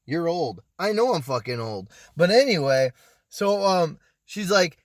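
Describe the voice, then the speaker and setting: A man in his thirties telling a story in a casual, animated way, swearing freely and acting out what people said. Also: a little high, moderate pace, no room sound, clean studio sound. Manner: animated, profane, acts out quotes. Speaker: storytime vlogger.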